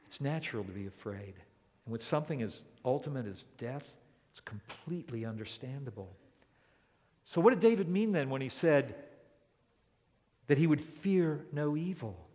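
A man preaching a sermon as a pastor, speaking deliberately and building to emphatic declarations. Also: mid-range voice, animated, darkish tone, in a large hall. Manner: slow and deliberate, rising to emphatic.

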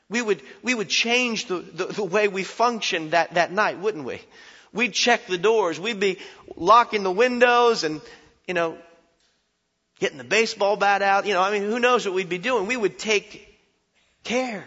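Male pastor, sermon, forceful and bright, animated with self-mocking humor; slightly muffled recording with long church reverb. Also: high-pitched, moderate pace. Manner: animated, shifts from shouted warnings to quiet reflection, self-deprecating humor. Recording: dull sound with long hall reverb.

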